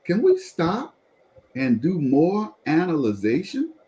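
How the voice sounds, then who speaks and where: A pastor telling a personal testimony in conversation, animated and repeatedly drawing the listener in to follow along. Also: male voice, on the high side, takes it slowly, poor audio.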